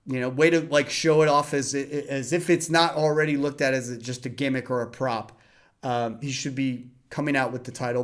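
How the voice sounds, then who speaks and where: A young man hosting a casual wrestling review in a rambling way, with many fillers and restarts. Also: medium pitch. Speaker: host.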